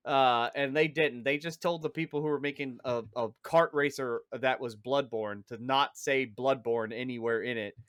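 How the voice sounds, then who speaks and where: A man's voice: mid-range voice, steady tone, normal speed, hardly any pauses, a bit bright, clean tone, no echo, clean studio sound. A man co-hosting a casual podcast, ranting and joking in a sarcastic, profane way. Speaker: podcast co-host.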